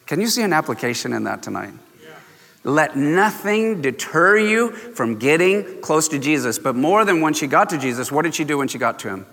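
A man preaches a sermon with an emphatic, bright delivery, slowing down to stress key words and chuckling now and then. His voice sits a little high for a man. The sound rings with the long reverb of a large hall. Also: big pitch swings, gravelly. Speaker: pastor.

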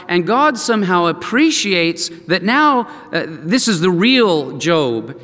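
A pastor delivering a sermon, retelling Bible stories and acting out their voices. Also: male voice, sits high, in a large hall. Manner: animated storytelling, acts out quoted voices.

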